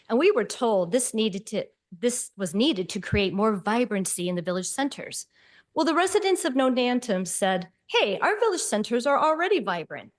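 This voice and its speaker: Woman reading her comment out at a city meeting, sharp and sarcastic in spots. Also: mid-range voice. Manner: reads a prepared statement, pointed and sarcastic. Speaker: resident giving public comment. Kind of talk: prepared public statement.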